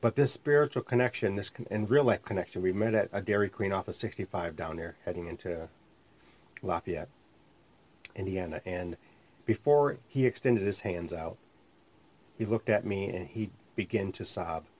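Low-voiced man hosting a ministry podcast. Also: normal speed, darkish tone. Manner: rambling, often restarts and self-corrects. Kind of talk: conversational teaching podcast. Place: home studio called the lab. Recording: slightly muffled lo-fi sound.

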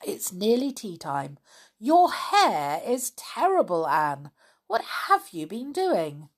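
A woman voicing a gentle, cautious mother who reasons calmly with her children. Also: medium pitch, takes it slowly, full character voice.

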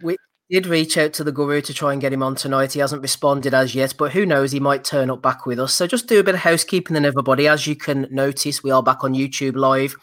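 A man's voice: mid-range voice, steady tone, fairly bright tone, no echo. A man hosting a podcast, running through show announcements and greeting listeners by name in casual chat. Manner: brisk, reads out chat names. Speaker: podcast host.

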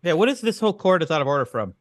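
Man, podcast co-host, bemused straight man, questioning, lively swinging pitch, dry close mic. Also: rapid-fire, dry recording. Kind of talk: improvised comedy banter.

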